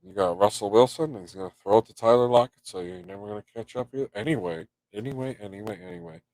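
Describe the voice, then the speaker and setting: A man's voice: lowish voice, fast talker, darkish tone, no room sound. A man with a stuffed-up nose hosting a live stream, rambling casually, swearing and reading chat aloud.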